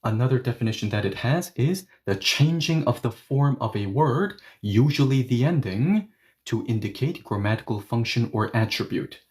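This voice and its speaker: Mellow-voiced man teaching a lesson. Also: mid-range voice, expressive, normal speed. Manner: emphatic, repetitive, drills example phrases. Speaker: Korean language teacher. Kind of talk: explanatory online lesson.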